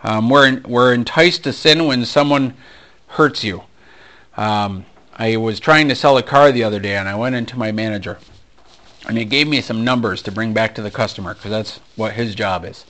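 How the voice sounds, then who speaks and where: A male pastor preaching a sermon, animated and storytelling, acting out conversations with frequent ums and restarts. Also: lowish voice, normal speed. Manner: animated storyteller, acts out dialogue, many fillers. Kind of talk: sermon with personal stories.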